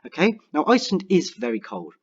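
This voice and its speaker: A young man teaching a writing lesson online, talking clearly and encouragingly and slowing down to dictate example sentences. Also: fairly high pitch, wildly swooping pitch, muffled recording. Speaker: primary school teacher.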